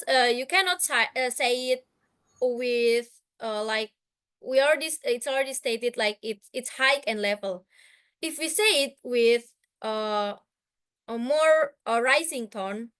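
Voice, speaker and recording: Young indonesian-accented woman presenting slides on a video call, kinda high, smooth clear voice, lots of uh and restarts. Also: fairly bright tone. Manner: hesitant, many fillers and restarts. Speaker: guest speaker.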